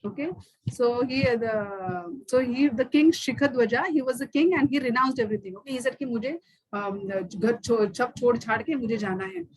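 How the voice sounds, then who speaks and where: A woman's voice: a little high, animated, racing, a little mellow, breathy edge, poor audio. A woman with an Indian accent teaching a scripture course, mixing in stories, with frequent fillers. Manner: code-switches between English and Hindi, storytelling, many fillers. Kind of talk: online course lecture.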